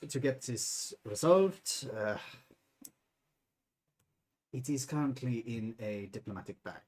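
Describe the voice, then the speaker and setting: Man putting on a German banker, husky voice, lively pitch, formal and hesitant, put-on German accent. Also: takes it slowly. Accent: put-on German accent, drifting.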